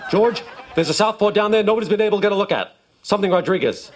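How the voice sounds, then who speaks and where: A man's voice: high voice, expressive, quick pace, slight background noise, voice pushed up. A man playing a blustery, rambling older team owner who digresses endlessly in a sitcom clip. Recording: sitcom clip with studio audience laughter.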